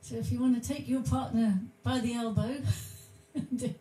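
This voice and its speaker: A woman's voice: fairly high pitch, steady tone, moderate pace, warm tone, echoey room. A woman co-hosting a home music stream, teasing her partner in casual banter. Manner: dry, teasing. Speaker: co-host and musician.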